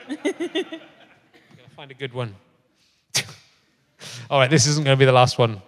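On stage at a large live venue, a middle-aged man hosts a comedy podcast before an audience, his medium-pitched voice swinging hugely in pitch at a slightly slow pace. He jokes around in a bawdy way and laughs a lot, and the recording carries long hall reverb.

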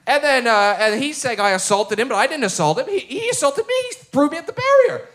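A Canadian man tells a story with a high, bright voice and an animated, laughing delivery. He is a comedian speaking as a guest on a stage before a live audience. His tone stays lively from line to line. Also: brisk.

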